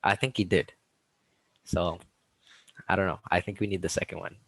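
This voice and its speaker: A man's voice: low voice, fairly even intonation, normal speed, rough recording. A man co-hosting a casual movie review podcast, agreeable and upbeat, often chiming in to back his partner up. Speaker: podcast co-host.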